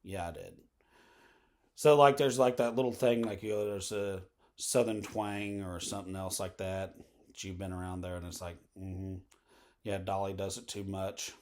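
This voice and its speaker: A man with a somewhat low voice, rambling along in a loose monologue. He drifts from point to point, leaning on fillers and side remarks. It sounds like casual, unscripted talk to the camera. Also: darkish tone. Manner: meandering, full of fillers and asides. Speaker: vlogger.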